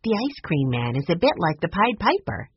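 Audiobook: soft-spoken young girl, lively inflection, woman reading. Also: on the low side, moderate pace, slightly rough, highs cut off, exaggerated voice. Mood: thoughtful. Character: thoughtful shy girl.

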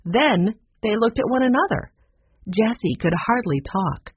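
Husky, gravelly storyteller, gentle and lively pitch, dull dry recording. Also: unhurried, no room sound. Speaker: audiobook narrator. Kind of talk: storybook reading aloud.

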